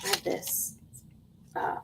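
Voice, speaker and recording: Woman, live-stream jewelry seller, slow chatty delivery, soft half-whispers, sing-song greetings, faint background noise. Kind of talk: live auction sales stream.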